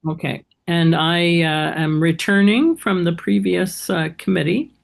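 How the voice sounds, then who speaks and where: A woman with a gravelly edge to her voice speaks over a video call. She introduces herself to a committee in a direct, matter-of-fact way, with a wry note. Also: fairly low pitch, measured pace. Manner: direct, wry about the poor audio. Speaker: committee member, audiologist.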